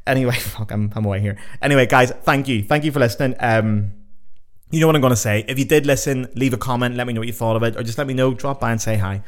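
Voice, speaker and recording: A man's voice: mid-range voice, fast. A young Irish man hosting his own podcast, talking casually and rambling, swearing freely. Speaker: podcast host. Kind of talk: casual solo podcast chat.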